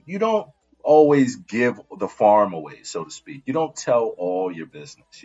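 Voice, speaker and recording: A man's voice: lowish voice, breathy edge, dull audio. A man giving casual relationship advice, talking conversationally and often checking in with "right?".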